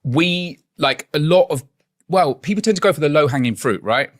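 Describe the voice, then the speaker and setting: A man's voice: on the high side, lively intonation, moderate pace, no room sound, studio quality. A man from England, a guest investigator, speaking in an earnest, probing way in a conversational interview.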